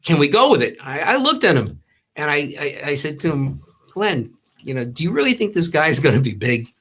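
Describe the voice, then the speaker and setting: His voice is fairly high and slightly rough, very animated, at a moderate pace. The speaker is an older man from Long Island, New York, a former magazine owner who tells long anecdotes casually, acting out each quote in a warm, rambling style.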